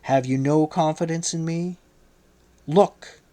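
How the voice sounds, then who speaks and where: A man voicing a gentle but authoritative teacher who gives firm commands in an audiobook reading. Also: on the high side, steady tone, takes it slowly, voice pushed up. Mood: commanding.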